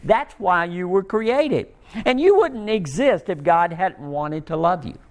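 A man preaching a sermon, rising and pleading at times, then dropping low and soft to tell a story. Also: animated, a little slow. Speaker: pastor.

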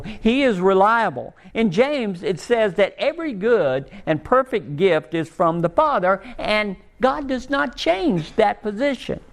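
A man preaching a sermon, rising and pleading at times, then dropping low and soft to tell a story. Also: very animated, moderate pace, hardly any pauses. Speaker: pastor.

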